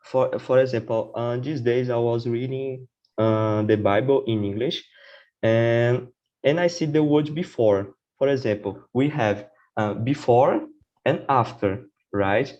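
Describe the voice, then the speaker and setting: A man's voice: medium pitch, a little slow, darkish tone, dull audio. A man speaking as a guest on a casual podcast about learning English. He talks hesitantly, often saying "for example" and "right?".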